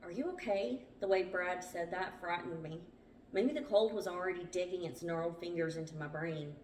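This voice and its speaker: A woman's voice: lowish voice, fairly even intonation, normal speed, a little hiss or hum. A woman hosting a book club, reading a survival memoir aloud with small stumbles. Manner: plain storytelling read with small stumbles. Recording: roomy, distant from the mic.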